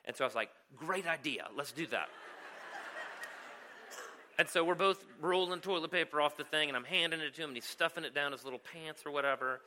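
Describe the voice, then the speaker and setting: A man's voice: a little high, fast, hardly any pauses, sharp tone, a little hiss or hum. A man preaching a sermon as a pastor, telling a story and often checking in with "right?". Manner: storytelling, keeps asking "right?".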